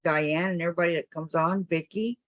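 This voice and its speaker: A woman's voice: on the low side, fairly even intonation, a little fast, no echo. An older woman hosting a quilting live stream on a video call, chatting casually, teasing her guests and reading viewer comments aloud.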